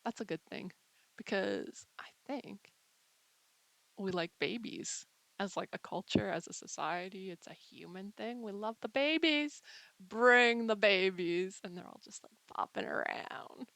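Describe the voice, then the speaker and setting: A woman's voice: mid-range voice, expressive, unhurried, vocal fry, a bit bright, dry recording, rough recording. A woman host musing in a casual monologue, playful and rambling, with mock drama. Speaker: channel host.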